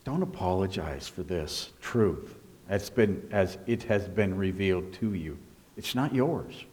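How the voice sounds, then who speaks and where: A man preaching a sermon as pastor, emphatic, swinging between hushed and raised delivery. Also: low voice, lively intonation, measured pace.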